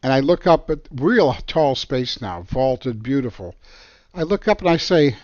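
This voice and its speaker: A man, an architect, telling a story from his career in an animated, emphatic way. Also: medium pitch, moderate pace, no room sound, dull audio. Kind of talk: storytelling monologue.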